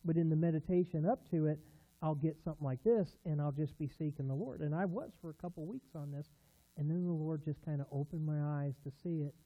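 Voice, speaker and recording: A man's voice: on the high side, quick pace. A man preaching as a pastor, telling a story in a conversational sermon style, earnest and rising to emphatic bursts. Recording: tinny phone-like sound.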